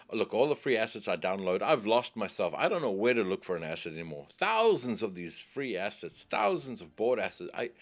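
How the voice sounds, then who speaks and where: A man talks casually to his co-host, his pitch swinging up and down as he rants. He swears loosely and keeps it conversational. Faint music plays behind him. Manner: animated, ranting, swears casually.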